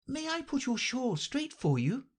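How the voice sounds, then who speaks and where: A woman's voice: high-pitched, very animated, unhurried, husky, pitched above the performer's own voice, full character voice. A woman reading an audiobook, voicing a polite, curious young girl who speaks timidly and earnestly.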